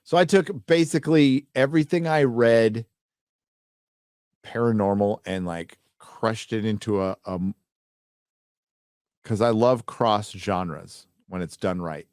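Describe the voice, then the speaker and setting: Low-voiced man hosting a loose livestream. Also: slow, pauses often, darkish tone, no room sound, clean studio sound. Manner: rambling, loose, profane. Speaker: livestream host. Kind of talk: casual livestream chat reading donations.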